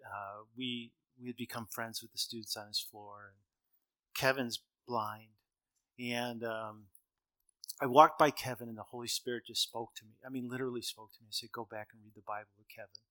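A middle-aged speaker tells funny stories in a conversational talk, acting out the dialogue and chuckling at his own jokes. His mid-range voice is bright and forceful, with fairly even intonation and a moderate pace, and the recording is dry.

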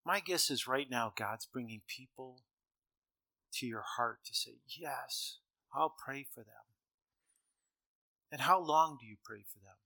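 A middle-aged man preaching a sermon to students in a hall, telling stories that swing between loud emphasis and quiet asides. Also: mid-range voice, unhurried, pauses often.

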